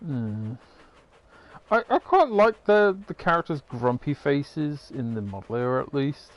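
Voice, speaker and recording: A man's voice: medium pitch, very animated, unhurried. A man giving rambling, casual commentary while playing a game, swearing now and then. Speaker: gamer.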